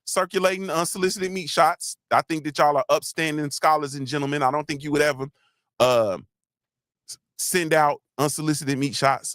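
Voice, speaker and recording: Livestream host, man, slightly high voice, dry close mic, loose and preachy. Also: no room sound. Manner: loose, joking, preachy, shouts out viewers. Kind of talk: casual motivational livestream talk.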